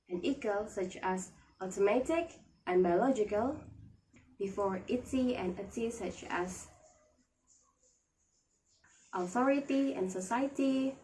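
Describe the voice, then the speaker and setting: A young woman student reading a pronunciation presentation slowly and carefully, listing word examples. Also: mid-range voice, a little mellow, a little hiss or hum, low-quality recording. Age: young adult.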